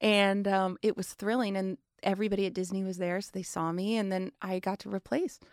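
Guest, woman in her forties, anecdotal and lively, dry close mic. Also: medium pitch, brisk, dry recording. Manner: chatty storyteller, acts out quotes. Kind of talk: casual interview chat.

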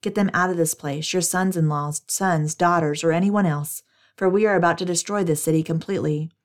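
Stern angels give brisk, urgent commands, as a woman reads them aloud. The voice stays lowish and close to a plain scripture reading. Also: steady tone, lightly acted.

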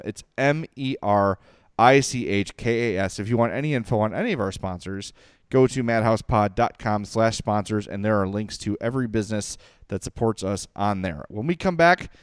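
A middle-aged man co-hosting a hockey podcast, talking in an excitable, jokey way and reading sponsor spots. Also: on the low side, clear, resonant tone, no echo, studio quality. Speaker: podcast co-host. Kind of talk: casual sports chat and sponsor read.

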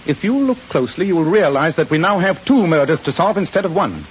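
Sherlock Holmes, cool and shrewd. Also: male voice, a little high, very animated, fast. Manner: crisp, dry and ironic. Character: shrewd, cool-headed male detective. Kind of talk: 1940s radio acting. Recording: muffled old radio broadcast with faint hiss.

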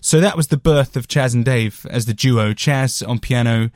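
A man's voice: medium pitch, normal speed, a little mellow, dry recording, studio quality. A British man hosting a casual music monologue, rambling and self-deprecating with lots of fillers. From Britain. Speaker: podcast host reviewing albums.

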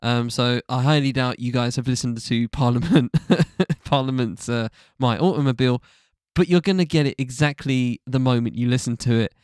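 A man's voice: mid-range voice, normal speed, a little mellow, clear, resonant tone, dry recording, studio quality. A man co-hosting a casual music podcast, talking loosely with lots of fillers and restarts and casual swearing. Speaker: podcast co-host. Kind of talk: casual music review chat.

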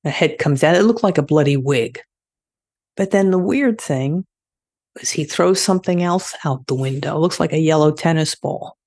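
Recorded cleanly in a studio with no room sound, this older woman has a low voice. As a guest and former death investigator, she shares stories frankly in a relaxed interview.

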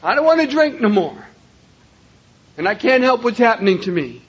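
Older man, unusually high voice, emphatic recovery-meeting speaker, muffled lo-fi recording. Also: sing-song, normal speed, slightly rough. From Cleveland, Ohio, USA. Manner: emphatic, raises voice to a shout then drops low. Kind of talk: personal recovery story told to a meeting. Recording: dull lo-fi recording.

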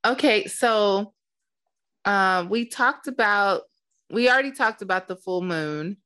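Slow, unhurried woman host. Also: medium pitch, pushed and bright, smooth. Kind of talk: casual interview.

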